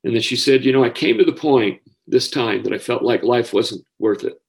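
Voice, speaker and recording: A middle-aged man recounts a moving memory from his work as a school counselor. He speaks earnestly, at an even middle pitch, often restarting his sentences as feeling catches up with him. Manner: earnest, emotional, halting restarts. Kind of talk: personal storytelling.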